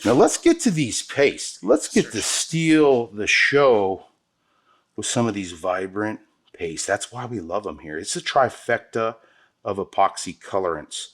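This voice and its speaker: Low-voiced enthusiastic man demonstrating craft techniques. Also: very animated, measured pace. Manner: enthusiastic, slangy, talks straight to viewers. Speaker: epoxy countertop instructor. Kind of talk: hands-on product demonstration.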